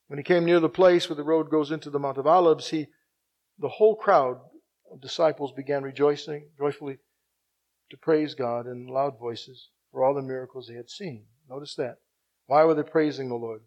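A man preaching a sermon, swinging between hushed, slow passages and loud, emphatic ones, and repeating phrases for emphasis. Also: fairly high pitch, rough recording.

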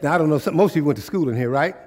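A male pastor preaches in a casual, conversational dialect, keeping his congregation in call-and-response with rhetorical questions. His voice sits a bit high for a man. It echoes through a church hall with a long reverb tail. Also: expressive, rapid-fire, a little mellow. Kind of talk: sermon.

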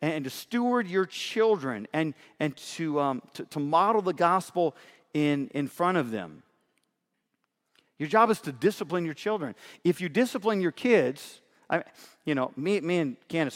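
Pastor, male, middle-aged: earnest, emphatic sermon delivery with a slightly high voice and long hall reverb. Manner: earnest, emphatic, often checks in with "right?".

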